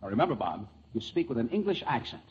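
A man hosting a 1940s radio comedy with a jovial manner and quick laughs. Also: mid-range voice, sing-song. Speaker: comedy show host. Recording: lo-fi old radio broadcast with hiss.

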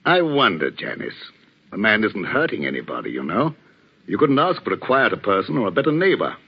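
An actor in a 1940s radio drama playing a worried, kindly village vicar, measured and gently authoritative. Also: male voice, on the low side, very animated, slightly rough, heavily acted. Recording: dull old radio recording with faint hiss.

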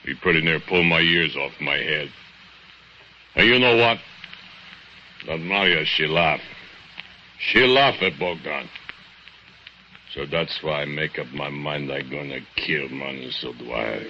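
An actor playing a jealous immigrant steelworker who speaks broken English, in 1940s radio acting. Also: male voice, very deep voice, bright, forceful tone, heavily acted. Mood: brooding. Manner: broken English, slow heavy confession. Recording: muffled old radio recording, faint hiss.

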